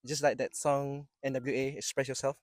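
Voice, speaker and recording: A man's voice: mid-range voice, flat delivery, moderate pace, no echo. Young malaysian dude cohosting, jokey, trips over his words, mid voice, dead dry room. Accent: Malaysian English. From Terengganu, Malaysia. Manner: chatty, joking, self-deprecating, many restarts. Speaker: podcast co-host, university student. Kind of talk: casual chat.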